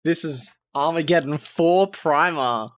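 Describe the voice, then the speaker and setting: A man co-hosting a podcast, reacting to lore with quick banter in casual chat. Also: a little high, no echo, studio quality. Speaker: podcast co-host.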